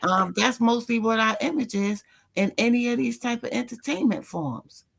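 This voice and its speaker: A woman's voice: a little high, moderate pace, gravelly, husky. A woman in casual podcast chat, making pointed, lecturing arguments. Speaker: podcast panelist.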